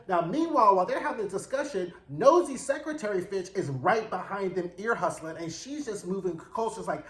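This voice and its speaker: Brief: high-pitched man, sassy and profane show recapper, acts out each character's lines, echoey room. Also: lively intonation, fairly quick, few pauses, a bit bright. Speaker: TV recap reviewer.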